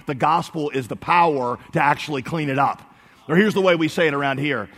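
A man preaching a sermon, swinging between soft low emphasis and loud, high outbursts. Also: breathy edge, long reverb tail. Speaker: pastor.

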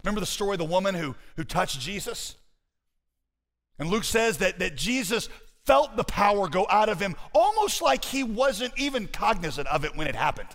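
Animated preaching man in a reverberant hall. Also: high voice. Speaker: pastor. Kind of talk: sermon.

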